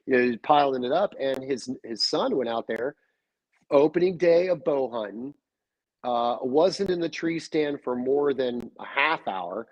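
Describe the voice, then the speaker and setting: A man's voice: medium pitch, dry recording, muffled recording. A man talking casually as a guest, telling stories and acting out the quoted back-and-forth. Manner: animated storyteller, acts out quoted dialogue. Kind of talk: casual chat. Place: call-in or remote line.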